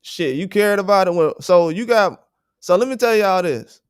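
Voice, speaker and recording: A man's voice: high voice, expressive, normal speed, smooth, no echo, studio quality. Blunt, profane man ranting on a livestream. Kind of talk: heated livestream rant.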